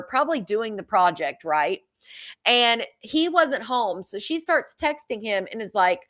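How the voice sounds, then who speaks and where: A woman's voice: fairly high pitch, fairly bright tone. Chatty woman, fillers and disbelief. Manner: chatty, says "like" a lot, incredulous asides. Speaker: true crime commentator. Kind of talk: casual true crime chat reading texts aloud. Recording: slightly dull lo-fi audio.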